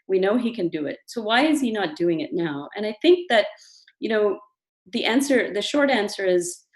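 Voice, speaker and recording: A woman's voice: mid-range voice, lively intonation, normal speed. A woman physician speaking as guest at an online devotional program, earnest and thoughtful, with frequent fillers. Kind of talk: devotional talk.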